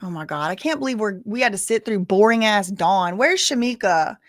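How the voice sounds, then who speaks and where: Brief: woman, live-stream commentary host, conversational and digressive, mid-pitched, dry close sound. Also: animated, moderate pace, no room sound. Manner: casual, chatty, rambling asides. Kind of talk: live news commentary reading updates.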